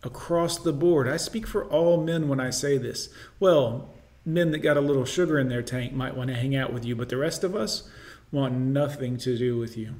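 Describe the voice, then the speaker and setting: A man's voice: medium pitch, normal speed, a little mellow, a little hiss or hum. Blunt lecturing man. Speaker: reaction commentator. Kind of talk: reaction video commentary.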